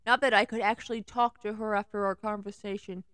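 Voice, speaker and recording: A young woman casually reading fanfiction aloud, tossing in sarcastic remarks and giggles between passages. Her voice is of middling pitch, and the recording is dry and close, with no room sound. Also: flat delivery, a little fast, a bit bright, smooth, no echo. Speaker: fanfiction reader.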